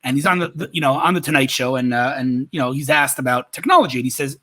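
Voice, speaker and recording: A man speaking as a podcast guest, telling a story with animated enthusiasm. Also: medium pitch, fast. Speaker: podcast guest, tech marketer. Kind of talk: conversational interview.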